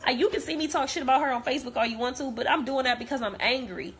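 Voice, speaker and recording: A young female vlogger rants directly to the camera in a high voice at a very fast clip, with a little background noise. She's blunt, heated, and profane, and keeps repeating herself as she vents.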